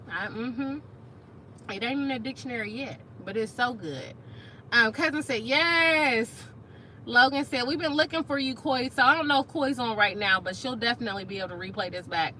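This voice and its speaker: A woman's voice: sits high, sharp tone, a little hiss or hum, poor audio. A woman, chatting casually on a live stream and reading viewer comments aloud in a playful, slangy way. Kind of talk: casual chat.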